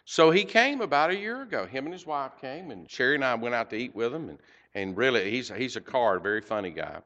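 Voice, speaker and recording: A man's voice: medium pitch, very animated, bright, forceful tone, lo-fi sound. Emotional man telling a church story. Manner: halting, emotional, many fillers. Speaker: church member giving a mission report. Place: church sanctuary.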